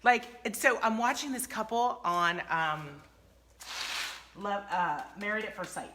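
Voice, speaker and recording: Woman, bright voice, chatty livestream host, phone mic. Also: mid-range voice, measured pace, a little hiss or hum. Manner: chatty, animated storytelling. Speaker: furniture painting livestream host. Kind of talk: casual livestream chat while painting.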